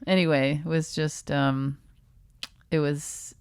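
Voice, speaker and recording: A woman comedian and podcast co-host telling a halting, filler-heavy story while she has the hiccups. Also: low voice, flat delivery, a little mellow, clean tone, dry recording, studio quality. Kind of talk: casual storytelling chat.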